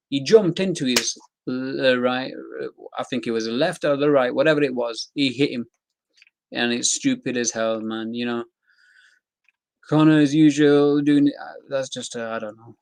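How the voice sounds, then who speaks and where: A man's voice: mid-range voice, moderate pace, no echo. A young man giving casual, rambling commentary on fight news, talking loosely with slang and fillers.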